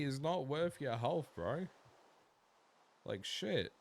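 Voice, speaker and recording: An Australian man talks loosely to his stream audience while he plays. His delivery is profane and erratic, mumbling one moment and yelling the next. His pitch is animated and lively, and his speed is unhurried. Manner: loose and profane, swinging between mumbles and loud outbursts. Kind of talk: casual game-stream chat with viewers.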